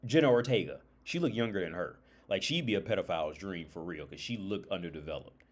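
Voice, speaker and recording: Man, 30s, stream host; casual storyteller, lively intonation. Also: low voice, fast. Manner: animated, acts out quotes. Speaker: livestream host.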